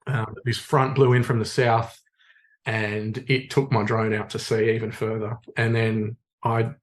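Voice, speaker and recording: An Australian man, a podcast guest, telling a story in a relaxed, rambling way with plenty of fillers. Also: lowish voice, a little slow. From Sydney, Australia. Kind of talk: casual storytelling in conversation.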